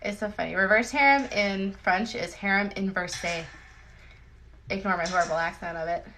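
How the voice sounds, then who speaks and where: A woman's voice: mid-range voice, expressive, fast, sharp tone, a little hiss or hum, rough recording. A woman author chatting casually with viewers on a phone livestream, rambling and giggly, often joking about herself.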